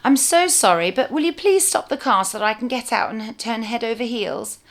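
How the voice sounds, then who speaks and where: A woman's voice: on the high side, animated, voice pushed up. A woman reading a storybook aloud, voicing a fidgety young boy who fusses and grows cross. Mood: apologetic. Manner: hurried, crotchety and fussing. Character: fidgety little boy who keeps somersaulting.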